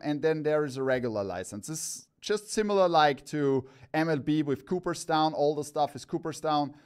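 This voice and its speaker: A man hosting a live-stream product showcase, talking in an excited, enthusiastic and rambling way as he presents hats one by one. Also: fairly high pitch. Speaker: cap store host.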